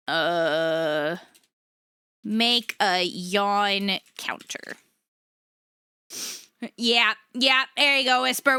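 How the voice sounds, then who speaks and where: A woman's voice: on the high side, bright, forceful tone, smooth, dry recording, clean studio sound. A woman streaming live, chatting casually with her viewers, laughing often and swearing freely.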